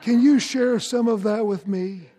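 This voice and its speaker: A man speaking as his big, gentle pet dog, pleading to share his breakfast. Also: sits high, a little slow, some chatter behind. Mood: begging.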